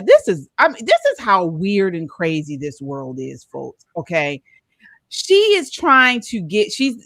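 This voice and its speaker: Earnest woman host with lively pitch. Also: no echo. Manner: earnest, many restarts and repeated words. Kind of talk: casual commentary chat.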